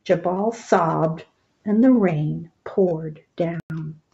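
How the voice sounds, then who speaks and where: A woman reading a picture book aloud, gentle and expressive, stopping to point out the pictures. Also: lowish voice, drawn-out words, creaky, muffled recording, a little hiss or hum. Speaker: storybook reader.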